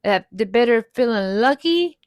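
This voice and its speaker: A woman's voice: fairly high pitch, animated, moderate pace, a little mellow, no echo. A woman co-hosting a podcast, casually retelling movie scenes, quoting lines and laughing often. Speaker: podcast co-host. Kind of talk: casual movie recap chat.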